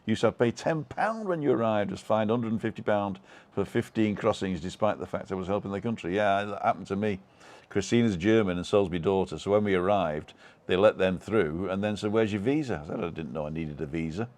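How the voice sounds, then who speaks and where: A man's voice: on the low side, brisk, a little mellow. A British man hosting a live stream, chatting casually and reading out viewer comments in a rambling way with many fillers. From United Kingdom.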